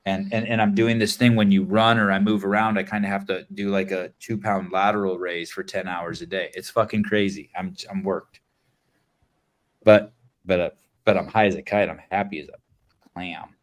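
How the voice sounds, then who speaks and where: A man hosting a casual podcast, excitable and swearing, trailing off into fillers and restarts. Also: low-pitched, normal speed. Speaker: podcast host.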